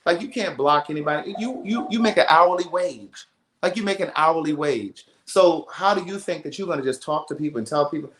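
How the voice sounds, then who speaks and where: A man hosting a livestream and telling a story in a casual, animated, emphatic way, often repeating himself. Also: a little high, a little fast. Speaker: livestream host. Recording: roomy echo.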